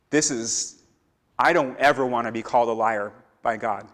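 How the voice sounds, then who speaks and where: A man's voice: mid-range voice, moderate pace, fairly bright tone. A man teaching a Bible lesson in a church, acting out the lines of biblical characters as he tells the story. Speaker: Torah teacher. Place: church sanctuary. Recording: echoey hall with long reverb.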